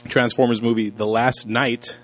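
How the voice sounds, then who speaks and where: A man hosts a laid-back movie podcast in a mid-range voice. He jokes around and swears easily. Soft music plays faintly behind him. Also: mid-range voice, little pitch movement, normal speed, poor audio. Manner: loose, joking, swears casually. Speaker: podcast host. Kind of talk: casual movie podcast chat.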